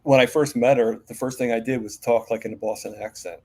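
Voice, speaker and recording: A man's voice: medium pitch, fairly even intonation, fairly quick, a little mellow, husky. A man as an interview guest in a casual live-stream chat, rambling with many fillers and restarts.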